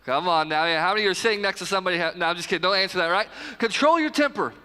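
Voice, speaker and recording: A man in his thirties preaches with a high, bright voice, loose and conversational, tossing quick asides to the people in the pews. His voice rings out with a long reverb through the church hall. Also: fairly even intonation, clean tone. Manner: conversational, talks straight to the congregation with quick asides. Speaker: pastor. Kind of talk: casual, joking sermon. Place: church sanctuary, live service.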